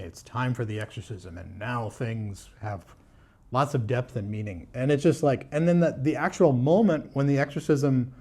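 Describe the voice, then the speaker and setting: A man's voice: medium pitch, mellow. A man talking casually to camera as a book vlogger, candid and blunt, with frequent fillers, restarts and wry laughs. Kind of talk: casual book review talk.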